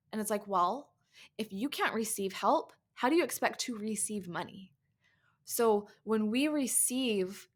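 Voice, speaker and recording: A woman in her thirties hosting a podcast, giving a candid, conversational talk to mothers and often saying "like" and "right?". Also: medium pitch. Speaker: podcast host and coach. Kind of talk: casual podcast monologue.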